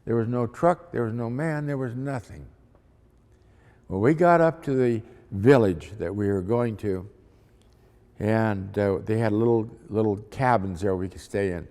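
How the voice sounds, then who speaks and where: A man's voice: lowish voice, a little slow, dark tone. A man, a missionary, telling a testimony story in a folksy, dramatic way. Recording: long hall reverb.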